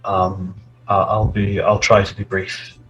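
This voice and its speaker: A man voicing a remorseful young man who speaks in a halting, earnest way during a tabletop game. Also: deep voice, little pitch movement, fairly bright tone, highs cut off, faint music behind. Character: remorseful young man owning his mistake. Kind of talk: in-character tabletop role-play.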